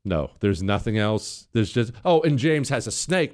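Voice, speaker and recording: Animated man hosting a talk show. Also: unhurried, hardly any pauses. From United States. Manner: animated, wide swings in pitch, punchy delivery. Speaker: radio talk show host. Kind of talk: casual storytelling monologue.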